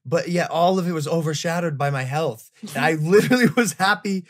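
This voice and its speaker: A young man hosting a podcast, telling a story in a casual, animated way with some swearing. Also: a little high, a little fast. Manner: animated, swearing, retelling a rough night. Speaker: podcast host.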